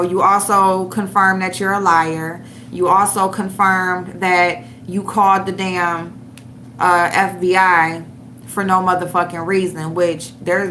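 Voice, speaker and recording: On her ranting commentary livestream, a woman heavily curses and mocks someone while finding a clip to show viewers. Her voice sits on the low side, pushed and bright, with a little hiss or hum.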